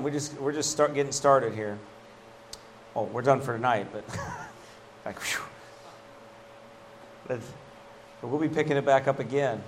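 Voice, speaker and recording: A man's voice: medium pitch, a little hiss or hum. A middle-aged man preaching a sermon as pastor, folksy and emphatic, often dropping a casual "man" into his lines.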